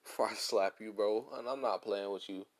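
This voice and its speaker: A man playing an overconfident young hero who taunts his rival coolly, in a fairly low, unhurried voice. It sounds close to the teller's own casual way of talking. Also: close to an everyday voice. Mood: taunting. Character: cocky young male hero, cold and overconfident.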